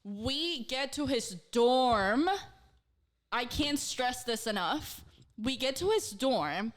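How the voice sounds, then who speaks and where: A podcast co-host in her twenties tells a story during casual chat, animated and full of fillers and swearing, her voice on the high side and her pace slow.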